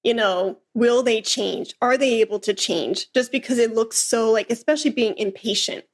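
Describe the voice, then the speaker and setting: Female host, animated storyteller, acts out quotes, voice a touch high. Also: moderate pace. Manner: lively storyteller who acts out quoted lines. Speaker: podcast host and flute teacher. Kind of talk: casual interview chat.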